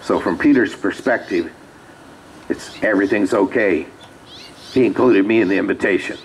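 Man, pastor, very low pitch, conversational sermon, faint background noise. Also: normal speed, poor audio. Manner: conversational storytelling with asides. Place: small rural church.

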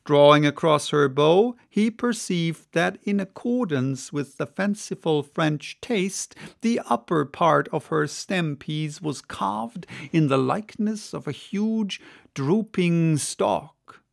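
A man narrating an unabridged classic novel as an audiobook, reading in a measured, expressive way. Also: a little high, creaky.

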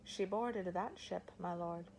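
A woman reading the part of a calm, formal older male harbor master in an audiobook. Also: fairly low pitch, gravelly, slight background noise, poor audio. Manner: measured and formal, addressing a lord.

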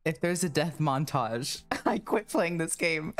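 A man's voice: on the high side, lively intonation, unhurried, soft background music. A man streaming a horror game, chatting in a rambling, self-mocking way and breaking into screams and laughter when scared. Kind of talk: live game commentary.

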